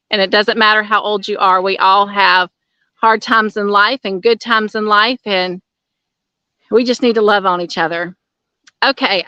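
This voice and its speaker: A woman's voice: medium pitch, sharp tone, smooth, dry recording, dull audio. A woman chatting casually with viewers during an outdoor livestream, a little out of breath and friendly. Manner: friendly, addresses viewers as y'all. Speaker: channel host. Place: outdoors by a waterfall.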